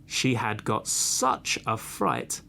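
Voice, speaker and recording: A man narrating a children's storybook in an expressive, deliberate read. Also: medium pitch, creaky, slight background noise. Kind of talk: slow storybook reading.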